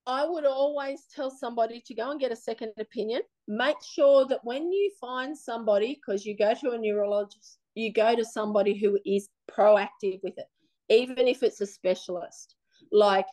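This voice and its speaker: A woman with an Australian accent, telling her own story in a blunt, animated, plain-spoken way during an interview. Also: fairly high pitch. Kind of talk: casual personal storytelling.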